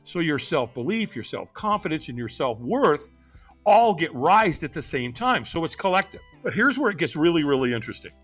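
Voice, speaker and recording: A man's voice: a little high, big pitch swings, moderate pace, fairly bright tone, breathy edge, faint music behind. A middle-aged man, a podcast guest, telling a personal story dramatically and acting out the voices of the people in it. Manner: dramatic storyteller who acts out quoted voices.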